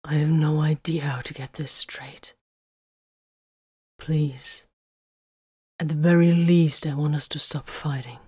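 A woman reading a story, voicing a remorseful wounded male soldier who pleads in halting, apologetic words. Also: low-pitched, fairly even intonation, a little mellow, husky, no echo, studio quality.

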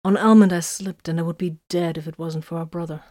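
A woman's voice: fairly low pitch, fairly even intonation, brisk, warm tone, dry recording, clean studio sound, close to an everyday voice. A woman voicing an intense psychic warrior-librarian.

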